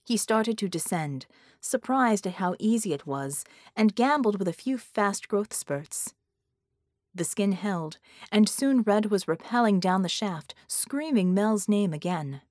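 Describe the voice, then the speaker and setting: A woman's voice: medium pitch, expressive, measured pace, darkish tone, dry recording, clean studio sound. Woman reading an audiobook. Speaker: audiobook narrator. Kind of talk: scripted narration.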